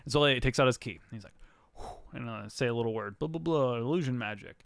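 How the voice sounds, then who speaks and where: A man's voice: mid-range voice, rapid-fire, gravelly, a bit bright, no room sound. A man co-hosting a podcast, telling a story in a rambling, laughing way. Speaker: podcast co-host. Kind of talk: casual chat.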